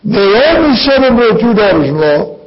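An older man preaching a sermon as pastor, his gravelly voice jumping into high, emphatic outbursts. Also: big pitch swings, normal speed, muffled recording, crowd noise.

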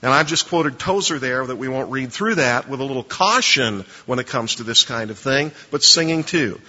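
A man's voice: medium pitch, lively intonation, normal speed, pushed and bright, husky. A man lecturing a class on preaching, emphatic, quizzing listeners to fill in blanks in their notes. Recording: dull lo-fi recording with long reverb.

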